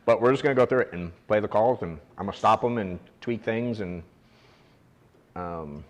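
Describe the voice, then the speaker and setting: Blunt male agency boss coaching his team, low voice, frank. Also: moderate pace, in a large hall. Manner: blunt, frank, casual swearing. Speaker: agency owner training agents. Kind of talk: casual coaching talk to a room. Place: office meeting room.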